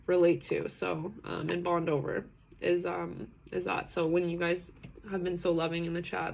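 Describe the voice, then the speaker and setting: Thirties woman hosting a live stream, lowish voice with vocal fry, chatty and quick to laugh. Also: slight background noise. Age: 30s. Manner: chatty and warm-hearted, laughs often, talks in rambling restarts. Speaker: host of a live self-acceptance session. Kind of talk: casual live-stream talk, reading chat comments.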